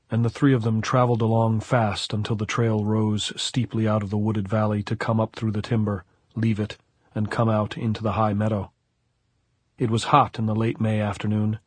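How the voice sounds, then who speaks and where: A man narrating an audiobook in a steady, measured way. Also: lowish voice, husky, dry recording.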